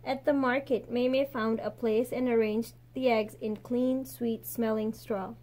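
A woman teacher reading a picture book aloud expressively, slowing and softening at the gentle endings. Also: on the high side, fairly even intonation, slight background noise.

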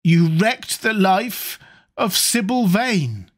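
A man voicing a vengeful rough sailor in an audiobook, growling blunt threats. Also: a little high, measured pace, lightly acted. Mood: menacing.

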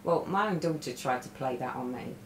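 A woman's voice: rumbling low, expressive, brisk, background noise. A middle-aged woman chatting casually about her stitching, telling a rambling story with lots of restarts. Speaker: cross-stitch vlogger. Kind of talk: casual stitch-along chat. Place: room at home. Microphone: webcam. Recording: roomy echo.

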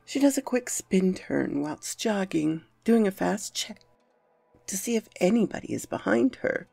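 A woman narrates a horror story in a dramatic, brooding first-person voice. Her tone has a gravelly grain and moves widely in pitch. It is recorded dry and close, with soft music underneath. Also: lively intonation, a little slow, no echo.

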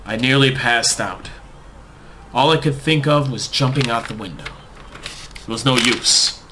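A man narrating a comic first-person story in a deadpan, overblown storyteller manner. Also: medium pitch, a little slow, slight background noise.

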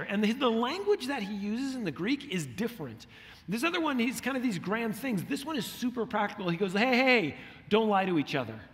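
A middle-aged man preaching a sermon as a pastor, telling stories with animation and acting out the lines he quotes. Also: high-pitched. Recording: long hall reverb.

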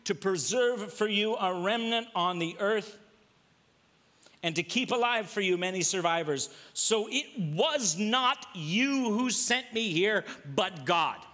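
A man's voice: high-pitched, animated, slow, pushed and bright. A male pastor preaching a sermon, acting out quoted lines and firing off rhetorical questions. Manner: dramatic, acts out quoted voices, rhetorical questions.

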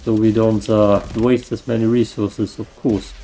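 A man with a German accent gives laid-back gameplay commentary full of rambling jokes and asides. His voice sits low and dark with heavy vocal fry, and he speaks in an unhurried drawl into a desk mic. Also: little pitch movement, a little hiss or hum, low-quality recording. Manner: rambling, joking asides while playing. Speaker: gamer.

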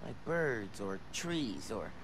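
A thoughtful video game companion who muses out loud over clues. The voice swoops widely in pitch and comes through slightly muffled in the game audio, with a faint hiss behind it. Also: sing-song, slow pace. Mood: musing. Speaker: game character giving a hint.

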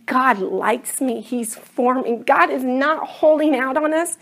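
A woman's voice: high voice, slow pace, creaky. A middle-aged woman teaching a class Bible study, earnest and enthusiastic, often drawing her words out.

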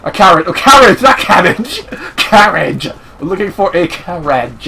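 A young man giving excitable let's-play commentary, swearing, laughing and yelling apologies over game audio. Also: high-pitched, moderate pace, gravelly. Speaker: gaming channel host.

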